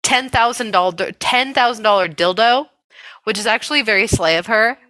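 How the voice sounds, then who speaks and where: A woman co-hosting a chatty podcast, with a bright, forceful tone and a dry, close sound. She is sarcastic and laughs often, stretching out words for emphasis. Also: on the high side, normal speed, no room sound. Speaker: podcast co-host. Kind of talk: casual chat.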